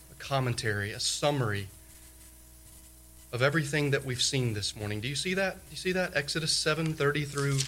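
A male pastor preaching a sermon, repeating key phrases emphatically and swinging between loud declarations and hushed lines. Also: mid-range voice.

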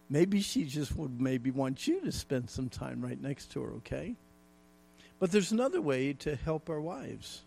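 A man's voice: fairly high pitch, very animated, normal speed, creaky, dark tone. A middle-aged man preaching a folksy, emphatic sermon with jokes and repetition. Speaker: pastor.

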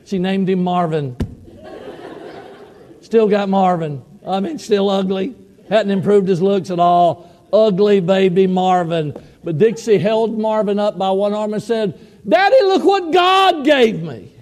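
A man's voice: high voice, steady tone, a little slow, dark tone. A man preaching a sermon, telling a personal story in a folksy, heartfelt way with repeated words. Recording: long hall reverb.

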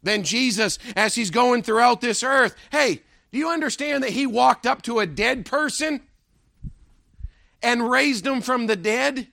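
A man preaching with a high, gravelly voice that cuts bright and sharp, recorded close and dry. He drives his sermon with a repeated rhetorical question. He sinks his voice low and quiet on the lines that matter most. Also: unhurried, no room sound.

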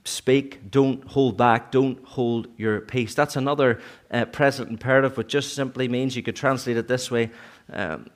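A man preaching a sermon in church, earnest, sometimes rising to emphatic peaks and then dropping low. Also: steady tone, normal speed.

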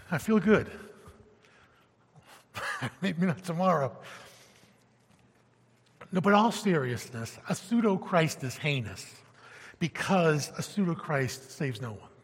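A pastor preaching a sermon, animated and emphatic, moving between loud peaks and hushed stretches, in a church sanctuary. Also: male voice, on the high side, slow, pauses often, breathy edge. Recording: long reverb of a church hall.

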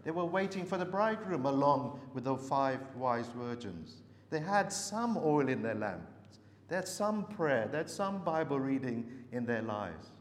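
Earnest male preacher in a reverberant hall. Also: medium pitch. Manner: earnest, searching rhetorical questions with many hesitations. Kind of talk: sermon. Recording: long reverb with faint background noise.

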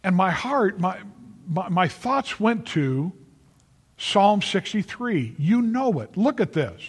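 In a big hall with long reverb, a preacher speaks in a husky, high-pitched, very animated voice at an unhurried pace. He's earnest and emphatic, addressing listeners by name and repeating phrases to drive points home.

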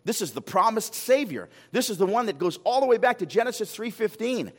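Animated man preaching in a reverberant church. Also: sits high, fast talker, hardly any pauses. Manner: animated, rhetorical questions, repeats words when excited. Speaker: pastor. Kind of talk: sermon. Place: church sanctuary. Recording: long hall reverb.

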